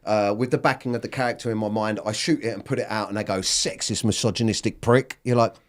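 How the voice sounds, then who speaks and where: A man's voice: lowish voice, steady tone, racing. A man in his thirties, a comedian, talking bluntly in an interview, swearing freely and often restarting his sentences. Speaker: comedian guest. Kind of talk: candid interview talk.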